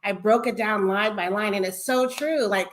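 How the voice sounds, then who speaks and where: A woman's voice: mid-range voice, normal speed, slight background noise. A woman co-host in a casual chat over a video call, enthusiastic and affirming.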